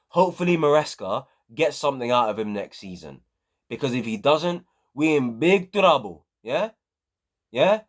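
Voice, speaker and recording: A man's voice: medium pitch, lively intonation, moderate pace. A man hosting a football review channel, ranting emphatically and repeating his points with casual slang.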